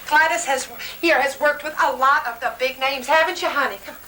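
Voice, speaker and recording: Gushing away and calling everyone honey, the brassy, status-hungry middle-aged West Texas mom is played by a woman with a high, bright, forceful voice at a brisk clip. It's a radio-style comedy drama, captured on a distant mic in a roomy space with faint noise.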